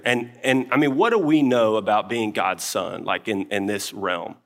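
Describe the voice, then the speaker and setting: A man's voice: on the low side, normal speed, few pauses. A man preaching a sermon in an earnest, conversational way, telling a personal story with many asides and then leading a prayer. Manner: acts out quoted speech, dropping to a whisper at times. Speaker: pastor.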